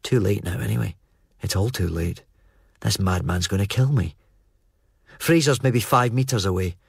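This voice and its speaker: A man narrating a first-person novel as an audiobook, in a steady, even storytelling manner. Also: fairly low pitch, normal speed, vocal fry, husky, dry recording, studio quality.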